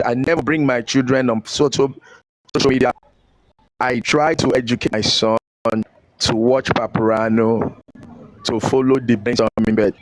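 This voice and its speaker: An online commentator with a Nigerian accent launches into a heated rant, scolding, preaching and repeating phrases to drive his point home. His mid-range voice comes through a rough recording with no room sound.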